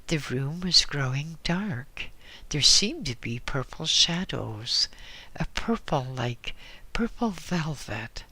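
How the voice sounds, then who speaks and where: A man reading an audiobook in a slow, measured way, dropping into soft whispers now and then. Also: on the high side, sing-song, dry recording. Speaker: audiobook reader. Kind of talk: scripted audiobook narration.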